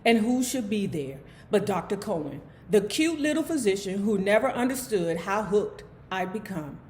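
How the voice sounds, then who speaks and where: A woman with a Southern US accent hosting a book club, reading a memoir aloud and breaking into loud, animated, casual commentary. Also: medium pitch, moderate pace, few pauses, a little hiss or hum. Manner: switches between soft reading and loud animated asides.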